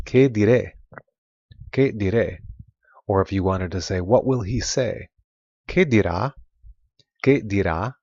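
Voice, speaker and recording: A man teaching a recorded Spanish grammar lesson, explaining patiently and repeating example phrases slowly. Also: low voice, a little mellow, no echo. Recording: dull lo-fi sound, dry.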